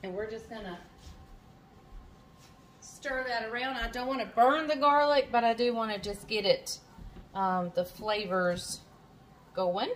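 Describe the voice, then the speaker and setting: A woman's voice: on the high side, a little slow, pauses often, slight background noise. A woman hosting her own cooking show from her home kitchen, chatting casually as she cooks, with plenty of fillers and self-corrections. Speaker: cooking channel host.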